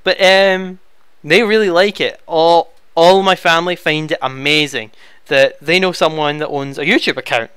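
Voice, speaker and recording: A young man rambles through viewer questions into his headset, chatty and quick to get flustered. His voice sits fairly high and sounds bright, clean and smooth. The sound is close and dry, with no room around it. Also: steady tone, no room sound. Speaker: YouTube Let's Player. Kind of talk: casual Q&A answering viewer questions. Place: home room.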